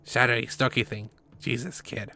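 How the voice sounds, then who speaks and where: A man putting on a gravelly, sardonic vampire informant. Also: medium pitch, fairly even intonation, normal speed, bright, forceful tone. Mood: gruff. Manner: blunt, dry sarcasm. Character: gruff older male vampire informant, sardonic.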